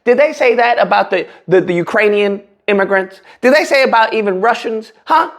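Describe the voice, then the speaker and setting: Man, casual reaction commentary, animated, mocking, laughing, very lively pitch. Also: brisk. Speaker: commentary channel host.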